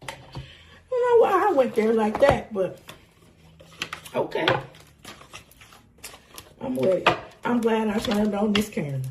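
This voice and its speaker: A woman's voice: on the high side, very animated, takes it slowly, long pauses, heavy background noise. A woman getting over a cold, giving an emotional, effusive tarot reading to camera and laughing often. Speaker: tarot reader.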